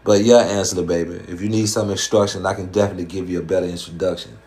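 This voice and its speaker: This Georgia man with a Southern American accent races through slangy, profane, rhyming street patter while hosting a casual live stream. His voice sits low and darkish, with fairly even intonation.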